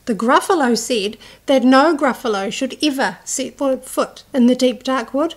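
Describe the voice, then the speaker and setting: A woman reading a picture book aloud to children, slow and expressive, voicing the characters. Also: high-pitched. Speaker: childcare storyteller.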